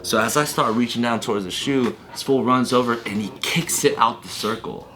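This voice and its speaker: A man's voice: mid-range voice, fairly quick, sharp tone. Laid-back man in casual banter. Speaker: podcast co-host. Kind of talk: casual chat.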